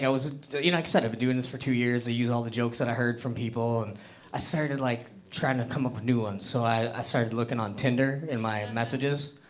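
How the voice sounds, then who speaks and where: A young man from Hamilton, Canada, doing a loose, rambling open-mic stand-up set full of fillers and self-deprecating asides. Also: medium pitch. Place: comedy club stage.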